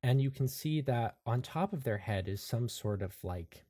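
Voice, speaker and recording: A man narrating as game master of a tabletop role-playing game, describing scenes in a relaxed way with fillers. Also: medium pitch, normal speed.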